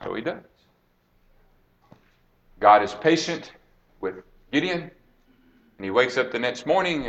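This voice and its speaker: Bright-voiced man preaching a Bible story. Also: mid-range voice, sing-song, slow pace, pauses often, muffled recording. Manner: dramatic storytelling, acts out quoted lines, drops to a hush then rises. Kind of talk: sermon retelling a Bible story.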